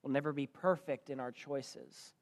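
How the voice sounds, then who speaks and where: A man who is a church pastor, preaching a sermon and telling a joke story with big swings between loud and soft. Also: mid-range voice, fairly even intonation, moderate pace. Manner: storytelling with dynamic swings in loudness.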